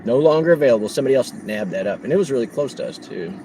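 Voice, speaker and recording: A man livestreaming on the road as a delivery driver, telling a story in a casual, animated way and laughing often. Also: medium pitch, racing, background noise.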